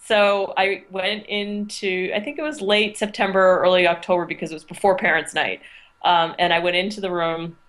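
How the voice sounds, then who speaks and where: A middle-aged woman with a somewhat low voice talks through her classroom experiences in a relaxed interview. She tells her stories thoughtfully, often restarting her sentences as she goes. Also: moderate pace. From United States. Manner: thoughtful, storytelling, frequent restarts. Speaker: interviewed teacher. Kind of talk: casual interview talk.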